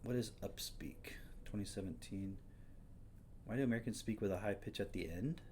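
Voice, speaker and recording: A man's voice: on the low side, fairly quick, darkish tone, a little hiss or hum. A man hosting a livestream, casually commenting on clips and reading search results aloud. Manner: reads search results aloud, mimics speech patterns. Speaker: livestream host.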